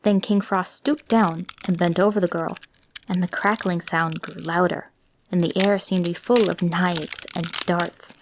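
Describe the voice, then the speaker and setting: A woman telling a fairy tale in an expressive, gentle scripted reading. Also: fairly low pitch, a little slow, noisy background. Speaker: storyteller.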